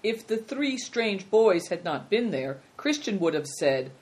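A woman reading a children's storybook aloud as narrator in a calm, measured way. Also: medium pitch.

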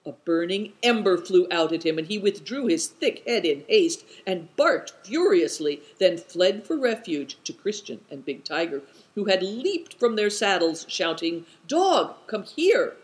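A narrator reading a storybook aloud in a measured, descriptive way. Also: mid-range voice, expressive, poor audio. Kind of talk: audiobook narration.

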